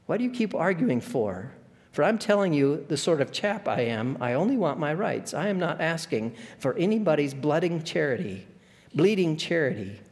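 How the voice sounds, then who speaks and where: A man voicing the bitter, self-righteous ghost of a working man, who talks with rough grammar in a blustering, complaining way. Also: fairly high pitch, very animated, moderate pace, pitched above the performer's own voice. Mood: aggrieved. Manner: indignant and complaining. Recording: long echo of a large hall.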